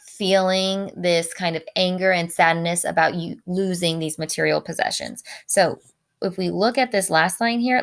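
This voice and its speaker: A woman teacher walking students through a poem, reading its lines slowly and explaining them briskly. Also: lowish voice. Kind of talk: recorded poetry lesson walkthrough.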